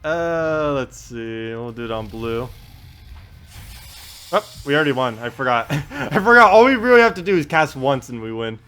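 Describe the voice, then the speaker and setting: A man casually commentating his live game stream, chatty and quick to laugh, with faint game music behind. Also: medium pitch, lively intonation, sharp tone, clear, resonant tone.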